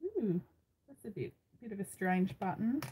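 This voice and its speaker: A woman's voice: mid-range voice, sing-song, moderate pace, warm tone, a little hiss or hum, poor audio. A middle-aged Australian woman hosting a craft live stream, chatting casually and rambling with frequent ums, recorded on a phone. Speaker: craft channel host.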